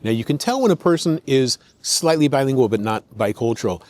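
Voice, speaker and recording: An American podcast host gives explanatory commentary, laying out points conversationally in list form and acting out quoted speech. His mid-range voice has lively intonation and a darkish tone, and he talks a little fast.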